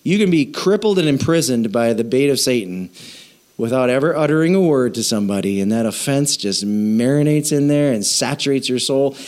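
A man preaching a sermon as pastor, animated and jokey, acting out quoted voices and asking the audience questions. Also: medium pitch, brisk.

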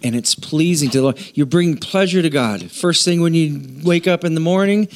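A man's voice: a little high, moderate pace. A middle-aged man, a pastor, giving a casual Bible lesson in church, chatty and joking, often asking the audience questions. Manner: conversational, asks the audience questions, jokes.

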